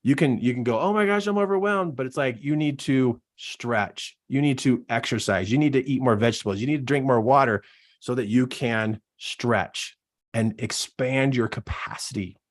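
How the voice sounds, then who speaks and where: A man's voice: mid-range voice, moderate pace. Brief: man, business coach delivering a punchy motivational pep talk, mid-range voice, driving and repetitive. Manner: animated, acts out quoted voices.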